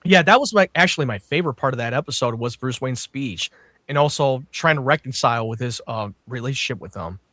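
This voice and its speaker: Bright-voiced young man, dry sound. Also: medium pitch, lively intonation, no room sound. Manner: quick reactions, swears casually. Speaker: podcast co-host. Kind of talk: casual chat.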